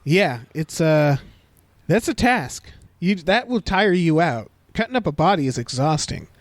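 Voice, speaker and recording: Male film-podcast co-host, raised pitch, dry mic, sardonic banter. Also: lively intonation, a little slow, no echo. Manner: wry, joking, swears freely. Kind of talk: casual film discussion.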